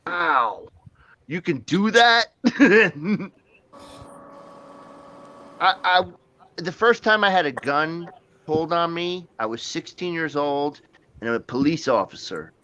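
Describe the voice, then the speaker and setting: A man's voice: a little high, animated, slow, long pauses, fairly bright tone. Profane rambling man telling stories. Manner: rambling, profane, laughs often. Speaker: livestream host. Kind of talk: casual storytelling chat.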